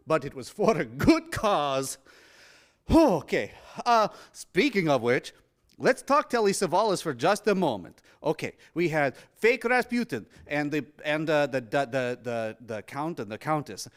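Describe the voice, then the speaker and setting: A man's voice: on the high side, sing-song, a little slow, fairly bright tone. A man hosting a horror movie screening in a cinema, talking on a lavalier mic in a playful, punny way with many fillers. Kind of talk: live post-screening chat. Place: cinema auditorium.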